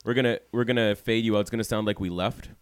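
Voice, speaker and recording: A man's voice: fairly low pitch, fairly even intonation, quick pace, smooth, no echo, studio quality. A man hosting a podcast in casual chat, rambling and correcting himself as he goes. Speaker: podcast host.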